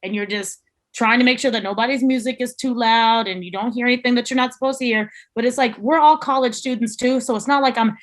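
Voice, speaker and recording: Animated young woman telling a story. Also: a little high, fast talker. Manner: animated, swears freely. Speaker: chef guest. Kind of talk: casual storytelling.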